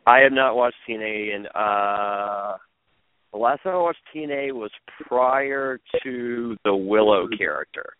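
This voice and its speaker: Slightly slow and lowish in pitch, with a clean tone and no room sound, a man shares stories as a podcast guest who once competed on a reality show. The interview storytelling is casual and rambling, heavy on restarts and fillers. Audio is phone-like lo-fi.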